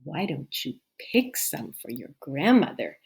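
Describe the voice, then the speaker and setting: A woman's voice: deep voice, sing-song, measured pace, creaky, darkish tone, heavily acted. A woman doing a sly coaxing wolf. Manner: coaxing, persuasive. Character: sly scheming male wolf.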